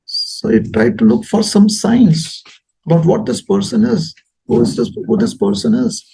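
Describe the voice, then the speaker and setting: A man giving a sermon, telling a story in a lively, animated way. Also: a little high, measured pace, creaky, husky. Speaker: speaker at a temple talk.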